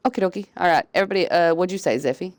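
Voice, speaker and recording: A woman's voice: on the low side, very fast, a little mellow, dry recording. A woman, casually explaining things to her crew on a live game stream, drawling with lots of fillers. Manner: laid-back, drawling, many fillers.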